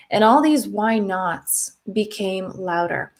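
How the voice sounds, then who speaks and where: Female self-development coach, medium pitch, gentle and unhurried reassuring tone. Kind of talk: guided reflection talk.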